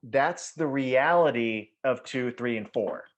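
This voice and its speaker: A man co-hosts a laid-back movie podcast, his mid-range voice moving slowly on a muffled recording. He rambles through his thoughts, restarting often, leaning on fillers and swearing casually.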